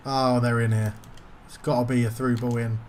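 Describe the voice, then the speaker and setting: A man's voice: medium pitch, little pitch movement, moderate pace, darkish tone, slight background noise. A man commentating his own football video game session, getting frustrated and swearing at the game. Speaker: gaming YouTuber.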